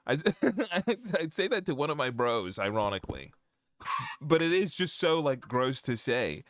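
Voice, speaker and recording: A man's voice: medium pitch, big pitch swings, moderate pace, dry recording. A young man live-streaming from home, chatting casually with his viewers, rambling and joking as he reads their comments.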